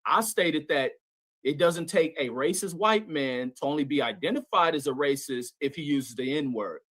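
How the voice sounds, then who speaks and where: A man hosting his own live stream argues loudly and taunts his opponent. His voice is bright and a little high. The sound is dry and close to the microphone. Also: animated, moderate pace, no room sound. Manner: taunting, talks over the other man. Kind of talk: heated online argument.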